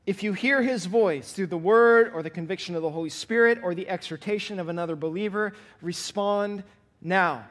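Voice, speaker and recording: A man with a notably high voice delivers a sermon from the pulpit. He preaches earnestly and emphatically, circling back to stress his points and urging his listeners to act. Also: normal speed. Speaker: pastor.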